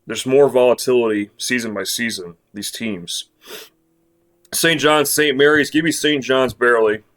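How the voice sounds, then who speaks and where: A man's voice: medium pitch, normal speed, a bit bright. A man giving casual basketball bracket predictions, blunt and sarcastic, ranting with frequent restarts and fillers. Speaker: sports commentator.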